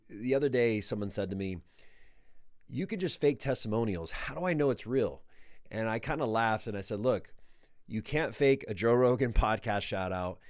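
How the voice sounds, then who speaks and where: A man hosting and commenting on a clip in a relaxed, conversational way. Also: lowish voice, no echo, clean studio sound. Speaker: show host. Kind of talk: casual commentary.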